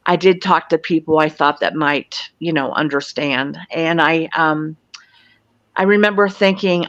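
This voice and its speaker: A woman's voice: sits low, a little slow, fairly bright tone, dry recording. Woman, 60s, from Florida, earnest storyteller, dry close sound, muffled lo-fi. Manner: matter-of-fact, earnest storytelling. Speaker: guest, UFO field investigator. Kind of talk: recounting a personal experience. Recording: dull lo-fi, dry.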